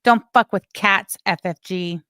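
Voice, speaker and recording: A woman with a smooth, clear voice, recorded close and dry. She speaks with indignant sarcasm, laying out facts to discredit someone. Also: medium pitch, unhurried, sharp tone, no room sound.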